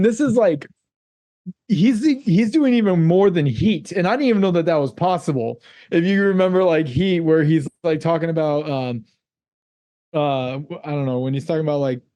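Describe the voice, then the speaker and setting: A man co-hosting a casual movie podcast, excitable, laughing often and quoting scenes in mimicking voices. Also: a little high, normal speed. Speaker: podcast co-host. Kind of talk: casual movie-discussion chat.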